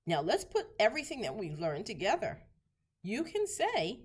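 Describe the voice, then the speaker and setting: A woman teaching basic Spanish phrases, repeating each one slowly for learners to practice. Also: medium pitch, wildly swooping pitch, husky. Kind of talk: slow instructional lesson.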